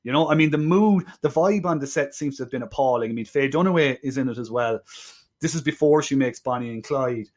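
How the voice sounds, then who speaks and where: A man co-hosts a film podcast in a mid-range, slightly mellow voice. His casual talk is halting, full of restarts, and peppered with wry asides.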